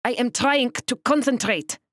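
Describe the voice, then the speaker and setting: A woman's voice: medium pitch, animated, moderate pace, dry recording, studio quality, pitched above the performer's own voice, lightly acted. A woman voicing a stocky German widow with a thick German accent, speaking curtly and snappishly in an audiobook. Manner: curt, snappish, clipped.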